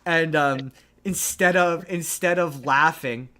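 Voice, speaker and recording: A man co-hosting a podcast, recapping a movie plot in a rambling, animated way with many restarts. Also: on the high side, slow. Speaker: podcast co-host. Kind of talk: casual movie recap chat.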